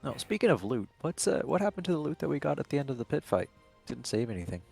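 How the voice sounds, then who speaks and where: Fast, gravelly male player. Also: medium pitch, sing-song, a little mellow, soft background music. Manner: quick, rambling, with restarts. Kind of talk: casual tabletop game play.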